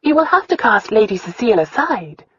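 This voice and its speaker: A woman voicing a spirited young noblewoman, pitched high. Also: very animated, fairly bright tone, breathy edge, no echo, lo-fi sound, exaggerated voice. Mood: indignant. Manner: earnest, pleading, quick to bristle. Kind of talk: audiobook dialogue.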